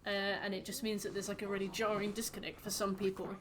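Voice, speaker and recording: A woman's voice: medium pitch, little pitch movement, fast, crowd noise. A woman streaming a game, chatting casually with her viewers in a rambling, playful way. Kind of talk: casual chat while gaming.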